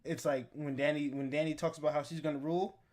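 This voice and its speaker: A man co-hosting a casual podcast, talking loosely and breaking into loud, laughing exclamations. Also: a little high, level tone, quick pace. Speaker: podcast co-host. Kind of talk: casual chat.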